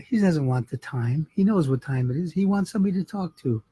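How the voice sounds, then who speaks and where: A man's voice: a little high, lively intonation, fairly quick, dark tone, slightly rough, no room sound. A man, a rabbi, telling a holiday story in a folksy, conversational sermon.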